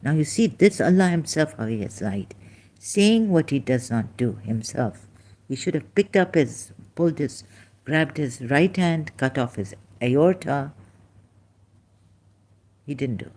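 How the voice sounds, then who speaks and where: Woman, online commentator: unhurried, halting, deep and mellow in tone. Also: animated. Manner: rambling, halting, with many restarts and rhetorical questions. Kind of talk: informal critical commentary monologue.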